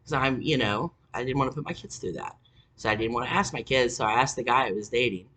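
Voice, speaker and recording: Speaking fast in a very deep, husky voice with a bit of brightness, a woman tells a family story to the camera. It comes out as an exasperated, sarcastic rant packed with curse words.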